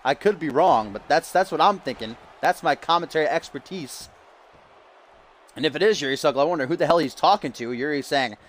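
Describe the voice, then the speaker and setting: A man doing play-by-play wrestling commentary, hyping the match with dramatic, drawn-out rhetorical questions. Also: a little high, lively intonation, slight background noise, low-quality recording.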